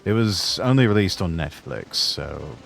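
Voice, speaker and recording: A man's voice: low voice, lively intonation, measured pace, vocal fry, fairly bright tone, faint music behind. A man chatting on a game stream, telling stories in a rambling, hesitant way. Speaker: stream co-player. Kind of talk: casual game-stream chat.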